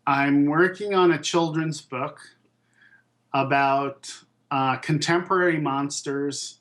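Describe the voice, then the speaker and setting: Older man, interview guest, animated storyteller, acts out voices, slightly high voice. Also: slow. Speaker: puppet and toy designer being interviewed. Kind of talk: casual anecdote telling.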